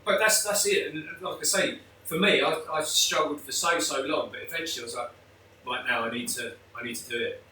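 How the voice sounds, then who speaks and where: A man's voice: fairly high pitch, fairly quick, hardly any pauses, pushed and bright, slight background noise. A man talking openly and emotionally as a guest, with many restarts. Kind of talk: candid conversational interview. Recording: echoey room, mic at a distance.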